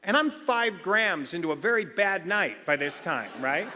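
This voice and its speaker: A man's voice: high-pitched, animated, normal speed, pushed and bright, slight background noise. A middle-aged man telling a comedic personal story at a recovery meeting, acting out other people's lines. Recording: long hall reverb.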